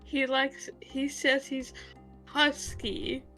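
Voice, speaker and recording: A woman's voice: sits high, level tone, drawn-out words, pushed and bright, soft background music. A woman playing a tabletop game, playful and a little hesitant. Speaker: player. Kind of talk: tabletop role-play.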